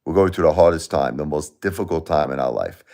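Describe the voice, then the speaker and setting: A man's voice: extremely low pitch, brisk, gravelly, mellow. A man hosting a live stream, lecturing and scolding his chat commenters in a confrontational, repetitive way. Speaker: livestream host.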